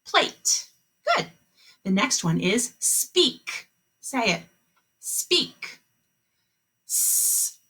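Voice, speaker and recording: Woman, kindergarten teacher, video call lesson, encouraging, stretches sounds, bright, lively pitch. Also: very slow, long pauses, slightly rough. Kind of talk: online phonics lesson for young children.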